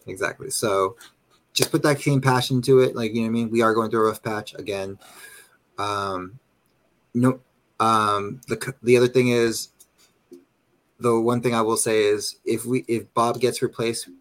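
A man talking in a casual, rambling way about his team, often repeating himself. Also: fairly low pitch. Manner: rambling, repeats "you know what I mean". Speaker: panelist. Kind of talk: casual fan talk.

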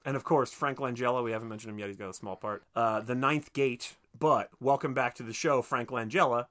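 Male podcast host, mid-pitched, casual and profane, joking film talk. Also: steady tone, a little fast, a bit bright. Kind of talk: casual movie podcast chat.

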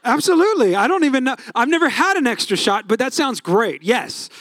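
A man's voice: very high-pitched, very animated, fairly quick, a bit bright, no room sound, clean studio sound. A man, preaching a sermon in a chatty storytelling manner, asking the crowd questions. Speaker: pastor.

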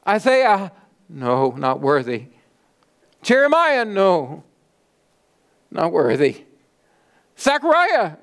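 A man preaching a sermon in a slow, dramatic delivery, with repeated rhetorical questions and lists, swinging from loud peaks down to near-whispers. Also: a little high. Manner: repetitive rhetorical cadence. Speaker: pastor.

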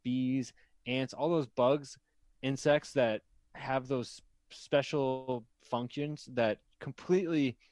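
A man co-hosting a casual comedy podcast, excitable and loose-mouthed. His voice sits mid-range and sounds dry and close to the mic. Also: mid-range voice, slow, dry recording. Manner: excitable, swears freely, laughs often. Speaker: podcast co-host.

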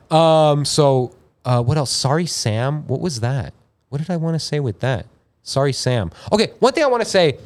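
A man hosting a podcast, ranting in an irritated, profane, animated way. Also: mid-range voice. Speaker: podcast host. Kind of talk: casual podcast rant. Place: podcast studio.

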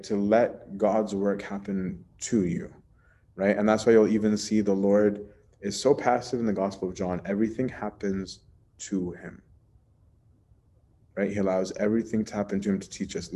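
A man's voice: fairly low pitch, dark tone. A man teaching a Bible study in a casual, chatty way, often asking "right?" and using plenty of fillers.

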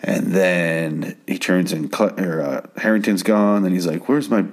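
A man's voice: sits low, measured pace. A man casually recapping a TV episode at home, rambling and stammering with plenty of swearing. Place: home at night.

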